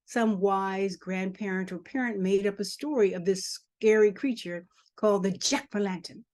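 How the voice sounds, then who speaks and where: Brief: older woman, author guest, earnest storyteller, mid-pitched voice, dry close sound. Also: normal speed, darkish tone, no room sound. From Charleston, South Carolina family; grew up in Harlem. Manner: earnest storytelling, emphatic repetition. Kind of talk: podcast interview.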